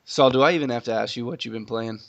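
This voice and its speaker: A man hosting a casual gaming podcast, a little sick and sniffly, joking in a relaxed way. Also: mid-range voice, fast talker, gravelly, lo-fi sound. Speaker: podcast host.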